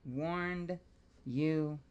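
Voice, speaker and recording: Excitable woman chatting on a live stream. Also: sits low, very slow, smooth, highs cut off. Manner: excitable and chatty, laughs often, swears casually. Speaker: voice actor streaming an autograph signing. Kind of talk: casual live-stream chat while signing.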